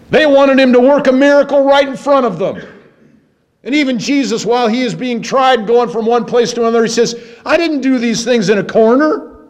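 High-voiced preacher, dramatic swings. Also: male voice. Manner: dramatic, swings between low musing and high emphatic preaching. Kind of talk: sermon.

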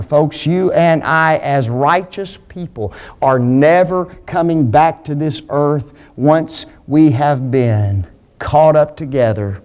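A man preaching to his congregation in an emphatic, slow, deliberate cadence. His fairly high voice climbs to ringing peaks and then sinks low and quiet. He keeps turning to the audience with rhetorical questions. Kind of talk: sermon. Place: church before an audience.

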